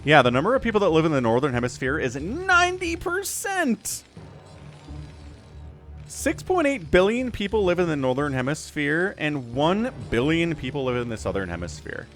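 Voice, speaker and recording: Man, game caster, casual commentary, lively pitch, rambling and chatty. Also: moderate pace, faint music behind.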